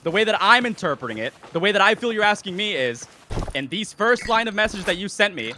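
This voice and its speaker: A man's voice: high voice, big pitch swings, noisy background. A man arguing over a call, insistent and repetitive, swearing as he pushes his point. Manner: fast, insistent, keeps repeating himself, swears a lot. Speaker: debater on a call. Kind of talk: heated argument.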